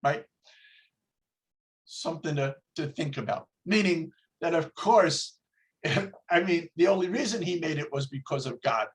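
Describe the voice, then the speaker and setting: A man's voice: fairly high pitch, expressive. A man teaching a religious class over a video call, telling jokes and asking rhetorical questions. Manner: slow, storytelling, rhetorical questions.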